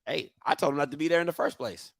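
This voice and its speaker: A man hosting a live football watch party, reacting loudly and trash-talking the plays. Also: fairly high pitch, quick pace, gravelly, heavy background noise. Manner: loud, excitable, trash-talking.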